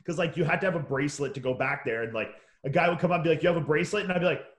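Casting: quick, rambling male podcast host, roomy echo, acts out quotes. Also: fairly high pitch. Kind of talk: casual chat.

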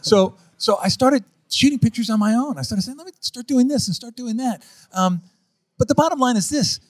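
A man's voice: extremely high pitch, a little fast. A man being interviewed about wildlife photography, telling stories emphatically and acting out other people's voices. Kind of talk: animated interview storytelling.

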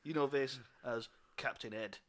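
A man's voice: medium pitch, moderate pace, fairly bright tone. A man narrating a tabletop game as game master, loose and chuckling with many fillers.

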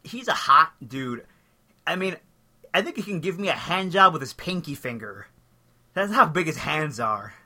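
Bright-voiced crude podcast co-host man. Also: a little high, big pitch swings, normal speed. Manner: crude, profane banter. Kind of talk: casual comedy chat.

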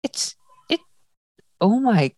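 A young woman in casual book chat, animated and laughing often as she acts out lines. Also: mid-range voice, slow, no room sound. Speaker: book discussion host.

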